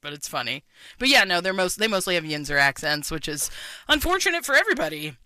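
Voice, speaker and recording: A woman, chatting as a radio guest, animated and emphatic and quick to laugh. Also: lowish voice. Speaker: guest, mother of two. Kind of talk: casual radio chat.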